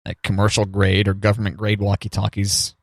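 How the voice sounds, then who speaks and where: A man co-hosts a radio show in casual morning banter. His voice sits low and is recorded dry and close, with no room sound. He rambles into joking asides. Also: monotone, fairly quick, gravelly, dry recording.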